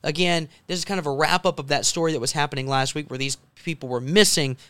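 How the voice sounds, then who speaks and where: A man hosting a casual political talk show, animated and jokey, with quick asides. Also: fairly high pitch, clear, resonant tone, no room sound.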